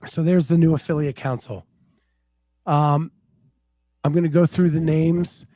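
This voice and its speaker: Male podcast host, slow and easygoing casual chat, mellow tone. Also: fairly high pitch, fairly even intonation, no echo. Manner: unhurried, chatty, reads names off a post.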